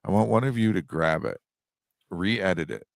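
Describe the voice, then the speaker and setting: A man's voice: deep voice, animated, moderate pace, gravelly. A man as a podcast guest, talking in a reflective way with casual swearing. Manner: reflective, salty, profane. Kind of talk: casual interview.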